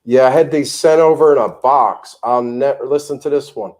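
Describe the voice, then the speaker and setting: Plain-spoken American host for a casual vlog chat, blunt and profane, mid-range pitch. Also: male voice, moderate pace. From United States. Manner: blunt, swears freely, animated storyteller. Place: home in the tropics.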